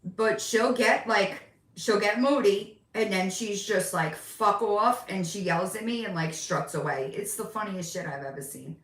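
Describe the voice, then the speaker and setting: A woman's voice: medium pitch, normal speed, recorded from a distance. Chatty woman in an echoey room. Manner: chatty, rambling, talks to her cats in baby voice. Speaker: live streamer with pets. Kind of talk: casual live-stream chat. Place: room at home. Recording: roomy sound, voice off from the mic.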